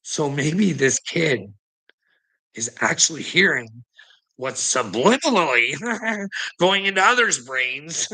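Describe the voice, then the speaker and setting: A man's voice: on the high side, sharp tone, poor audio. A man rambling casually to his livestream chat, swearing a lot and chuckling often between phrases. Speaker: livestream host talking to chat.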